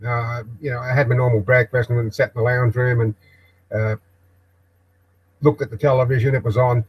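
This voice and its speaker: Older Australian man, host of a homemade live broadcast; mid-pitched, halting, talks off the cuff with lots of ums and restarts. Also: level tone, dull audio. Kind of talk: rambling live broadcast monologue. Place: backyard shed office.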